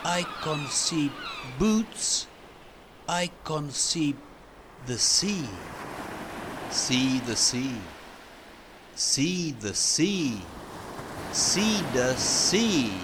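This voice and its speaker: A man voicing a sad, lost young foreign man who speaks halting, broken English and keeps correcting himself. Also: on the high side, expressive, noisy background, voice pushed up. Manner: slow, halting speech with self-corrections.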